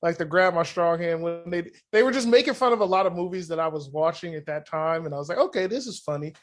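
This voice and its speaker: A podcast guest with a high voice for a man. He tells his stories in a profane, animated way and acts out the quotes in casual chat. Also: quick pace.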